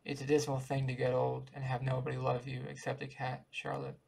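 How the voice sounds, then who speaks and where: A man reading the lines of a stern, proud older woman who speaks grimly, in his own gravelly voice. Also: medium pitch, completely flat delivery, brisk, a little mellow, rough recording. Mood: wistful. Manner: grim, clipped.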